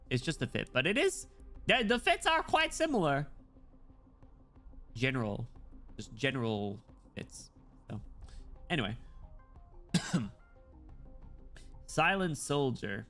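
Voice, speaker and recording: A man streaming as he reads a game story, chatting casually and reacting excitedly as he thinks aloud. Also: mid-range voice.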